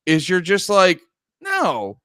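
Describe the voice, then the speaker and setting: Animated man chatting about movies. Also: fairly high pitch, moderate pace, no room sound, studio quality. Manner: animated, swears casually, acts out quotes in funny voices. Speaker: podcast co-host. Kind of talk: casual movie chat.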